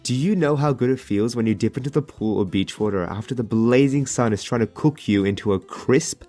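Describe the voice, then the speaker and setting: A man from Australia with an Australian accent, telling a comedic animated story in voice-over with a sarcastic, casual, slang-filled manner. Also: medium pitch, a little fast, soft background music.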